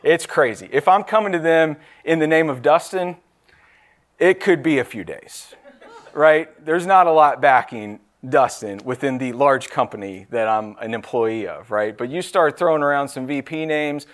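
A man's voice: a little high, normal speed. A man in his thirties or forties preaching a sermon in a casual, conversational way, often asking the room "right?".

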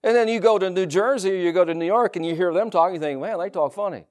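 A man with a Southern US accent preaching a sermon in a folksy, animated way, with laughs and asides. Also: sits high, quick pace. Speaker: pastor.

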